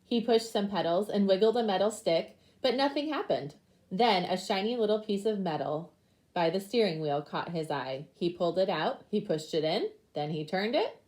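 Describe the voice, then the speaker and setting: A young woman teacher reading a picture book aloud to her class, with lively animal sounds. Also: mid-range voice, normal speed.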